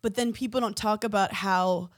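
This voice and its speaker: A woman guest on a comedy podcast, teasing and cracking crude deadpan jokes. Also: mid-range voice, moderate pace, no echo, clean studio sound. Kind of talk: casual comedic podcast chat.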